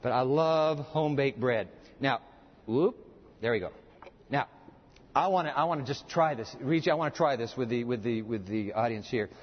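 A man preaching a sermon with a live demonstration, folksy and animated, joking with the audience in a church hall. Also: medium pitch, moderate pace. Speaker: pastor. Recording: dull, long-reverb hall sound.

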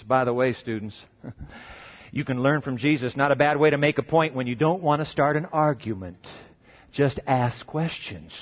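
A man preaching a sermon in a lively, conversational way, often asking his listeners questions. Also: medium pitch. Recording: dull muffled recording.

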